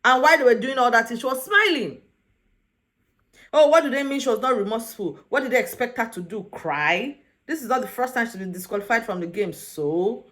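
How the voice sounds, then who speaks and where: A woman's voice: on the high side, lively intonation, a little fast, a bit bright. Young woman, recap vlogger, exasperated and sassy, mimics the people she quotes. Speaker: reality show recap vlogger. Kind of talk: casual opinionated recap commentary.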